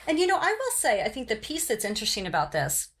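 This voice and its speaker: A middle-aged woman from Oklahoma hosting her podcast in a casual, rambling chat, often pausing on "um" and "you know". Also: on the high side, huge pitch swings, a bit bright, a little hiss or hum. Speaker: podcast host.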